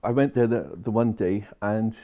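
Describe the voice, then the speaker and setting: A man's voice: fairly low pitch, moderate pace, dark tone. A man, a social care worker telling a story to camera and retelling each conversation line by line.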